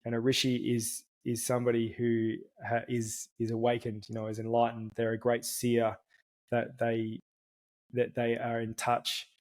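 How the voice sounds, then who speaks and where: An earnest man shares a personal story as a podcast guest, his voice level and steady with little rise or fall. He talks in a casual, reflective way, often starting a word twice before going on. His pitch sits in the middle for a man. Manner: earnest, restarts words often.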